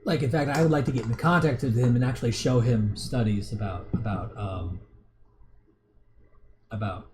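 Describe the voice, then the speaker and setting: A man's voice: mid-range voice, moderate pace, pauses often, a little mellow, a little hiss or hum. A man in his thirties hosting a casual livestream, reading viewer comments and rambling with many restarts and chuckles. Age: 30s. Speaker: livestream host.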